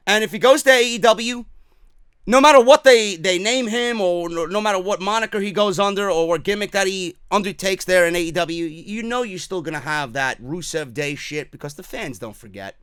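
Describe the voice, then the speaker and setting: A man's voice: high voice, brisk, a bit bright, smooth, dry recording. A man with a New York accent hosting a wrestling talk show, giving blunt, profane, emphatic opinions in casual commentary.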